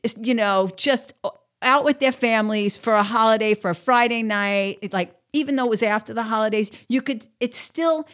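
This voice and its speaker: A woman's voice: fairly high pitch, moderate pace, fairly bright tone. A woman telling a casual story to the camera, chatty and blunt, with plenty of swearing and filler words.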